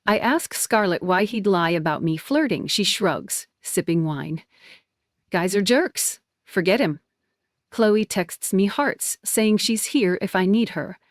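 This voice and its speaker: A young woman narrating a personal story in the first person, with a soft, even manner. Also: mid-range voice, a little slow, few pauses, no echo, clean studio sound.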